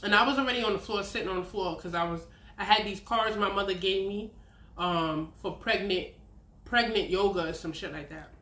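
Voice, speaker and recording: A woman's voice: mid-range voice, fairly quick. New lady in her 30s spilling a story, swears a lot, echoey room. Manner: candid, profane, animated storytelling. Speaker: vlogger. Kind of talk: storytime vlog. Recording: roomy echo.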